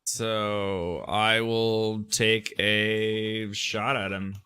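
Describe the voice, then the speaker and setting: Blunt, low-voiced male player. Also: little pitch movement, drawn-out words, pushed and bright, clean tone. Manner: blunt, swears, dry remarks. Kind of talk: casual tabletop game talk.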